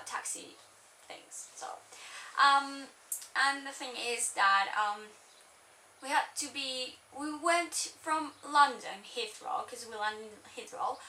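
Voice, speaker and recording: Young woman, high and bright, rambling vlog story, roomy sound set back from the mic. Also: distant mic, slight background noise. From Spain. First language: Spanish. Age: young adult. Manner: chatty, rambling, full of "like". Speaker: vlogger. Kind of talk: casual storytelling.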